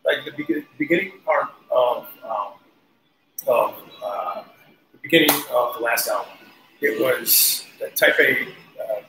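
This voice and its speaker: A man guest on an interview, telling casual, animated stories with laughs and cursing. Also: mid-range voice, measured pace, gravelly. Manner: animated, laughing, swears freely. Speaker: guest musician. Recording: roomy echo, faint noise.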